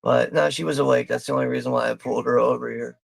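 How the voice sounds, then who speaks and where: A man's voice: medium pitch, steady tone, quick pace, creaky, breathy edge, dry recording. A man from Philadelphia hosting a live movie watch party, rambling and swearing with frequent laughs. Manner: profane, rambling, laughing often. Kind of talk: casual live commentary.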